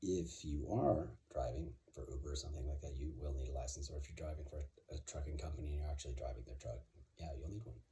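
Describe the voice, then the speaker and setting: A man's voice: rumbling low, quick pace, mellow. A man talking casually and confidently, rambling with many fillers and restarts. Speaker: vlogger. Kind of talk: casual monologue.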